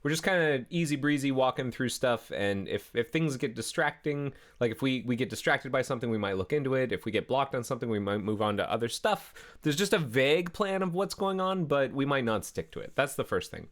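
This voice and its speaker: Canadian man, coding stream host, casual rambling chat, self-correcting, mid-pitched voice. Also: lively intonation, a little fast, few pauses. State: chewing a carrot.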